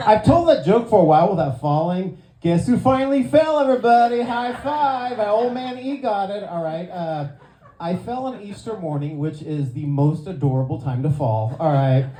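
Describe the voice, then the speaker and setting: An older man performing stand-up with a self-deprecating, chatty delivery, slipping in frequent "uh"s. His voice sits a little high and mellow. It carries the roomy sound of a live venue. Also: normal speed. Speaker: stand-up comedian. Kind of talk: stand-up comedy set.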